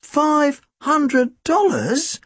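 A man voicing a hapless, overeager young man, the narrator's big brother, who talks in a squeaky, flustered way. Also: wildly swooping pitch, moderate pace, a bit bright, husky, no echo, heavily acted. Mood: astonished.

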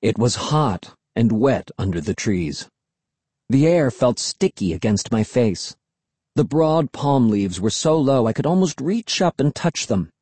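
Husky, expressive man reading a story. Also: mid-range voice, unhurried, no room sound. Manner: expressive, first-person storytelling. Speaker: audiobook reader. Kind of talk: storybook narration.

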